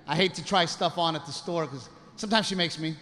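A man performing a crude, self-mocking stand-up routine on a comedy club stage, telling an animated story. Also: on the high side, brisk, long reverb tail. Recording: live club recording with audible background noise.

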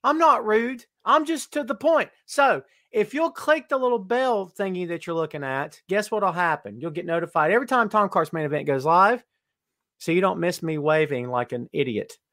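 A man's voice: high voice, normal speed, fairly bright tone, dry recording. A middle-aged man hosting a live-streamed wrestling podcast, joking and teasing as he greets viewers by name. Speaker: podcast host. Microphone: webcam live stream.

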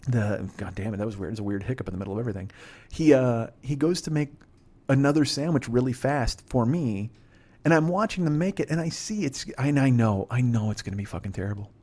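A man's voice: mid-range voice, lively intonation, brisk, darkish tone. A male comedian hosting a podcast, telling a rambling story in a profane, self-deprecating way.

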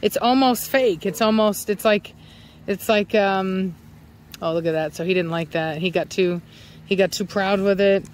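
A woman who breeds dogs and hosts a channel narrates a casual outdoor vlog while watching her dogs. Her mid-range voice moves at a moderate pace over a little hiss or hum. She chats freely, full of ums and likes, and speaks her dogs' thoughts aloud.

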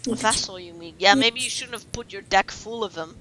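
Bright-voiced woman in playful gaming banter. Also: medium pitch, low-quality recording. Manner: playful, teasing, quick to complain. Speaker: let's play host.

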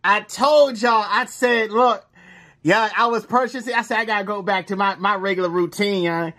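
A man, commenting casually as he scratches lottery tickets, reading numbers aloud in slang and breaking into excited shouts. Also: high-pitched, normal speed.

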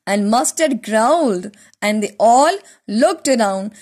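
A woman teacher giving a recorded lesson, explaining a poem slowly, repeating words and asking simple questions. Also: fairly high pitch, animated, darkish tone.

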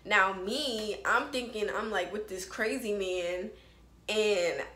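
A young woman telling a storytime to her viewers at an everyday pitch, animated and slangy. Her voice bounces around an echoey room. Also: slow pace. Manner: animated, slangy, lots of "like" and "bro". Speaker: vlogger telling a personal story. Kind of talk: casual storytime chat to camera.

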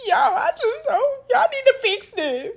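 A woman's voice: extremely high pitch, big pitch swings, a little slow, gravelly, pitched above the performer's own voice, heavily acted. A woman mimicking a tearful pregnant woman pleading. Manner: tearful, pleading, laughing through tears.

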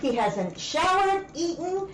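A woman's voice: very high-pitched, very animated, roomy sound, recorded from a distance, full character voice. A voice playing an angry mother ranting about her son who games all day. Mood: scolding. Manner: scolding, rapid ranting.

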